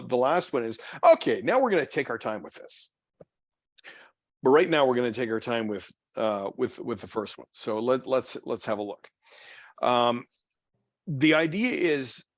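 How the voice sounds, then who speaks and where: A man's voice: mid-range voice, no echo. A man leading a church Bible study, talking off the cuff with many fillers, restarts and trailing phrases. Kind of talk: unscripted Bible study talk. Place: church meeting room.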